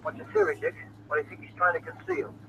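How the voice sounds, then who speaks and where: A man's voice: high voice, wildly swooping pitch, fast, vocal fry, heavily acted. An eager sidekick in a 1940s radio drama asks his questions in a deferential way. The old broadcast sounds muffled and carries a faint hiss. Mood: curious. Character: loyal male detective's sidekick.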